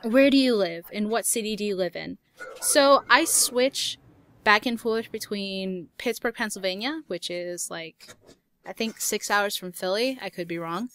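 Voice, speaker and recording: Reading viewers' questions aloud, this YouTube gaming host answers in a chatty, laugh-filled way with some light swearing. Her mid-range voice is a little slow and a bit bright.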